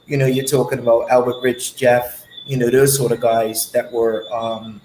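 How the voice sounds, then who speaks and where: A man who used to play cricket, reminiscing in a relaxed, drawn-out way and often saying "man". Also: medium pitch, reverberant, slight background noise, poor audio. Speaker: former cricketer. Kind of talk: casual reminiscing chat.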